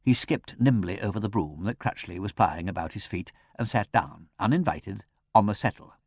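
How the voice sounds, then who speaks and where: A man reading an audiobook in a measured, expressive narration. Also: lowish voice, dry recording, clean studio sound. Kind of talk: scripted narration.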